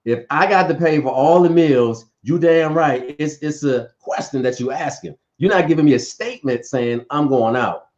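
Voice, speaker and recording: A man in casual relationship talk, playful and lively, often repeating words as he gets going. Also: fairly high pitch, normal speed, few pauses, muffled recording. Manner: animated, playful, repeats words when excited.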